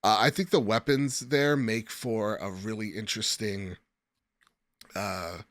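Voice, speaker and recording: A man's voice: lowish voice, fairly even intonation, unhurried, fairly bright tone, no echo. A man co-hosting a casual gaming podcast, joking around and reading out listener mail, with a slight lisp. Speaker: podcast co-host.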